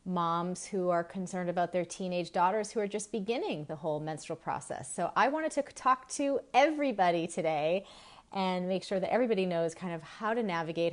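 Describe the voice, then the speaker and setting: A woman from Massachusetts in her forties, hosting a live stream on women's health, chatting and laughing as she greets viewers by name. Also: on the low side.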